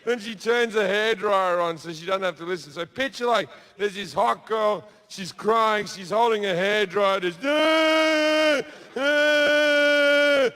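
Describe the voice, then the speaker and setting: A man telling a crude story as a stand-up comedian on a theatre stage, with deadpan asides and shouted put-on voices. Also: high-pitched, moderate pace, few pauses. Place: theatre stage before a laughing audience.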